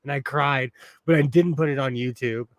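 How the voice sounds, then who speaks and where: A man's voice: mid-range voice, normal speed, no echo. A man, hosting a casual livestream while he sews, rambling and sentimental with lots of fillers. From United States. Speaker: host.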